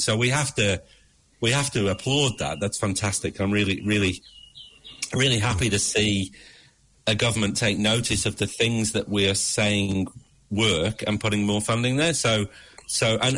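A man, a regular radio guest who runs a mental health organisation, talking in an animated, upbeat way with frequent restarts. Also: on the low side, a little hiss or hum. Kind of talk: radio interview.

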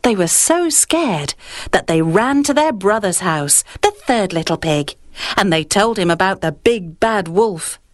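A woman's voice: mid-range voice, animated, unhurried, no room sound, studio quality. A woman reading a children's story aloud in a sing-song storytelling manner on a kids' radio show.

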